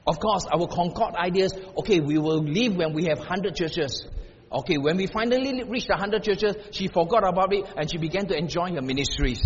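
Older man, pastor, sermon, fairly high voice, echoing hall, muffled sound. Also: expressive, normal speed, husky. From Singapore. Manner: preaching with big swings from hushed to loud, emphatic repetition. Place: church hall.

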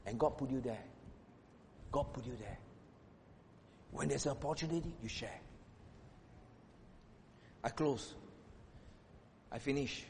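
A man preaching a sermon as a pastor, swinging between loud exclamations and hushed asides. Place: church hall. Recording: reverberant hall with faint rumble.

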